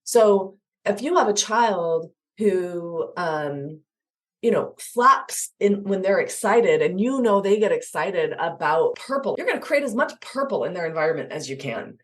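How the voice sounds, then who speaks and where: Animated woman explaining attachment. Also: medium pitch. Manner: animated, acts out examples in voices. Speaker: guest expert on attachment. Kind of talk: explaining in an interview.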